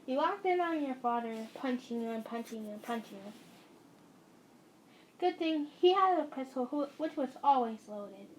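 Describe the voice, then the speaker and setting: A woman's voice: high voice, lively intonation, normal speed, slight background noise, rough recording. A woman narrating a second-person story in a casual, chatty way.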